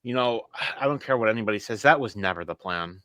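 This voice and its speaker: A man's voice: lowish voice, animated, fast talker, a bit bright, no room sound. A man with a New York accent, a guest on a podcast, sharing blunt, profane opinions. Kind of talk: casual podcast chat.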